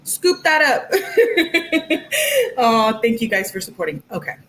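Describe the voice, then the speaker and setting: A woman's voice: a little high, expressive, normal speed, fairly bright tone, slight background noise, poor audio. A woman hosting a casual livestream, chatty and rambling as she reads through text messages and thanks her viewers. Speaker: livestream host.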